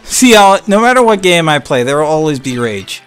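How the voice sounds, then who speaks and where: A young man giving live gameplay commentary, excitable and swinging between hype and frustrated ranting. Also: a little high, a little fast, clear, resonant tone, faint music behind. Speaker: gaming channel host.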